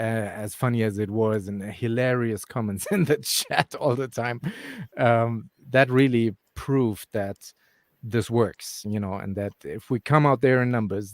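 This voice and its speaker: A man's voice: on the low side, no echo. A man co-hosting a crypto live stream, chatting casually with lots of fillers and restarts. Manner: rambling, frequent fillers and restarts. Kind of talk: casual chat.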